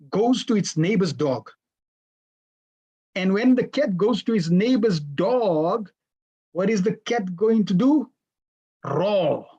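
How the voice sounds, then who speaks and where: Husky, mid-pitched class teacher, interactive and questioning, video-call lesson. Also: a little mellow, lo-fi sound. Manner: questions the class and repeats answers back.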